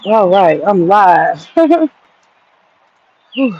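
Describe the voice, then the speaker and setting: A chatty woman, hosting a livestream from her garden. She talks loosely and swears freely, at a mid pitch. The phone audio is dull and lo-fi. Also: moderate pace, slight background noise. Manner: chatty, profane, laughs often. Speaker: livestream host. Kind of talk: casual livestream chat. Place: home garden.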